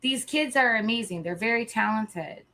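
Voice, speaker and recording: A woman's voice: on the high side, normal speed, pushed and bright. A woman live streamer chatting casually, rambling, swearing freely and restarting sentences, a little emotional.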